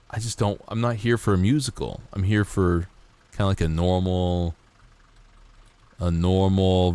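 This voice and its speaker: A man's voice: low-pitched, darkish tone, smooth. A man streaming a game, chatting casually and jokingly, swearing often and reading game text aloud. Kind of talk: casual gameplay commentary. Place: home streaming setup.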